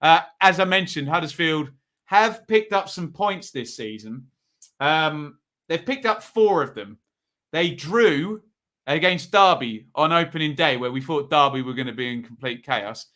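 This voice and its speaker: A man's voice: on the high side, expressive, a little slow, pushed and bright. A man hosting a live football preview, chatting and reading out viewer predictions. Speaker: football podcast host.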